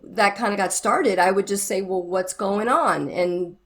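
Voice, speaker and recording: A woman's voice: medium pitch, unhurried. A middle-aged woman, a guest who ministers to married couples, telling stories in a conversational interview and acting out the conversations she quotes. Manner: animated, acts out quoted conversations.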